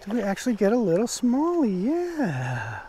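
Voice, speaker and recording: A man vlogging while fishing a creek, talking softly and fondly to each fish he lands. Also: sits high, huge pitch swings, moderate pace, slight background noise. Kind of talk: casual outdoor fishing vlog. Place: outdoors at a shallow creek.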